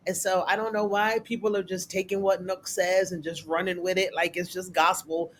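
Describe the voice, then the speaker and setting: Recap reviewer, casual colloquial chat, mid-pitched voice, faint background hum. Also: little pitch movement, normal speed, hardly any pauses, a bit bright. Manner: chatty, colloquial, acts out characters' lines in a raised voice. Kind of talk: casual spoken episode recap.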